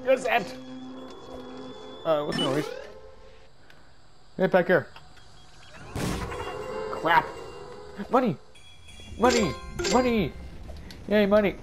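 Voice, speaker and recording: A man giving casual gameplay commentary, excitable and yelping at every mishap, with a stuffy nose. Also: high voice, slow pace, long pauses, music in the background. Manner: excitable, yelps and shouts at mishaps. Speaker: gaming YouTuber.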